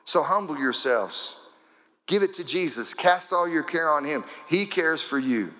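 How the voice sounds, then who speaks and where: Bright-voiced preacher man in echoey hall. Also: a little high, lively intonation, unhurried. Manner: rhythmic repeated preaching phrases. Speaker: pastor. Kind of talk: sermon. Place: church.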